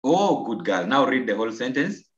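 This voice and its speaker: A Ugandan man teaching an online English lesson, slow and coaxing, repeating answers and praising his pupils. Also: mid-range voice, sing-song, fairly bright tone. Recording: roomy, dull lo-fi video call audio.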